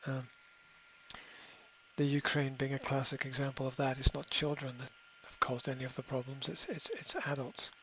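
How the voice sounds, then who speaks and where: A middle-aged man hosting a podcast, giving a motivational monologue in a halting way, repeating words and filling pauses with ums. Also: mid-range voice, flat delivery, pushed and bright, a little hiss or hum. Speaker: podcast host. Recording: slightly dull lo-fi audio.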